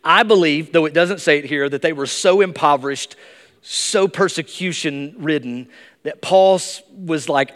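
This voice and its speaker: Male pastor, sermon delivery, fairly high voice, long church-hall reverb. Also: moderate pace. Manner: emphatic, rises to high excited bursts. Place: church sanctuary.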